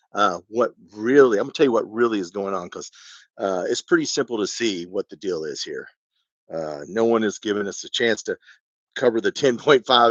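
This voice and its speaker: A man's voice: mid-range voice, dry recording, dull audio. A man in his fifties hosting a live fan stream, ranting and rambling with lots of rhetorical questions. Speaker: fan channel host. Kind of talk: live-stream sports rant.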